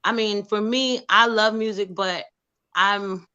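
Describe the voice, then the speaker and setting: A woman producer and actress talking as a guest in a casual interview, lively and outspoken. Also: medium pitch, slow pace, clear, resonant tone, dull audio.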